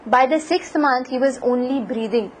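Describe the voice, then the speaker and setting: A woman giving a devotional lecture, retelling a scripture story in an animated way, with many fillers. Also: sits high, normal speed, slight background noise, rough recording. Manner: animated, frequent "you know" fillers.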